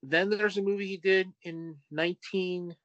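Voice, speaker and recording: A man guesting on a film podcast, talking deliberately and reeling off cast names and film facts. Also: high voice, fairly even intonation, a bit bright, no room sound, lo-fi sound. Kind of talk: casual film chat.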